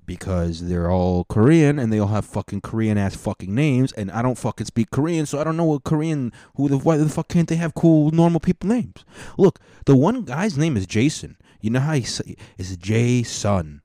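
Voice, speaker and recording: A man's voice: medium pitch, expressive, a little fast, dark tone, dry recording, studio quality. A man hosting a casual monologue, rambling and swearing through mock rants. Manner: rambling, profane, mock-ranting.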